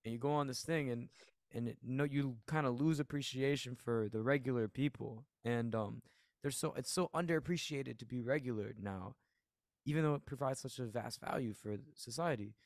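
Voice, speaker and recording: A relaxed man chatting as a guest on a podcast, his voice in the middle of the usual range for a man. He tells stories loosely, swears freely and acts out bits of dialogue. The sound is dry and close, with no room echo. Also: medium pitch, moderate pace. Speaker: music producer and artist, podcast guest. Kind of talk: casual conversational storytelling.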